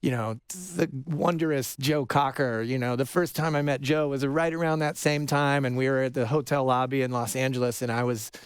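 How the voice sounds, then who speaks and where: A man's voice: mid-range voice, fairly even intonation, normal speed, few pauses, clean tone, no echo, clean studio sound. A middle-aged man from Georgia, a guest musician telling stories in casual, profane chat. He rambles and acts out the people he quotes. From Georgia, USA. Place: radio studio.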